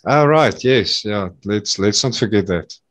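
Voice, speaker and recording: A man's voice: on the low side, animated, unhurried. A man hosting a podcast, answering with short polite affirmations and thanks in casual chat. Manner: polite, brief affirming replies. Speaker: podcast host.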